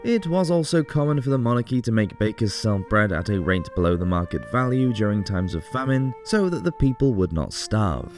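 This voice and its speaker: A man narrating a scripted history documentary in a clear, explanatory way, with the odd casual joke. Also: fairly low pitch, sing-song, fairly quick, few pauses, over music. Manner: clear explanatory delivery with casual jokey asides.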